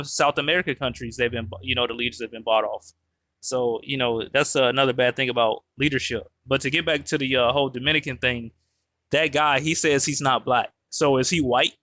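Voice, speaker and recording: A man's voice: medium pitch, sharp tone, no room sound. A man hosting a podcast, talking in a blunt, questioning way and often repeating himself. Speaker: podcast host. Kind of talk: casual podcast conversation.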